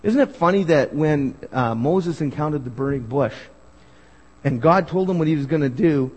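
A man preaching a sermon, animated and asking the congregation questions. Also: a little high, moderate pace, breathy edge. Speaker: pastor. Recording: hall reverb.

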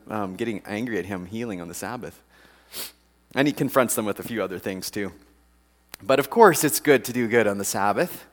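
A man giving a casual, chatty sermon. He laughs often and acts out the people in the story with big jumps in pitch. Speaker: preacher.

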